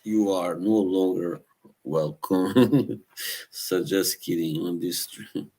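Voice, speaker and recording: A man's voice: low voice, takes it slowly, warm tone, slightly rough. A man hosting a live stream, chatting casually with viewers, laughing often and teasing. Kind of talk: casual chat reacting to live chat.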